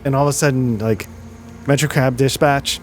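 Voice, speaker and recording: A man's voice: mid-range voice, fairly even intonation, normal speed, soft background music. A man narrating as game master, loose and laughing as he voices the characters.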